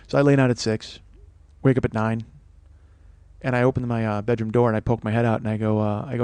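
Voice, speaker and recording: A man's voice: mid-range voice, level tone, fast talker, darkish tone, smooth, dry recording. A man in his forties, a comedian and host, telling a comic story with profane, worked-up ranting. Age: 40s.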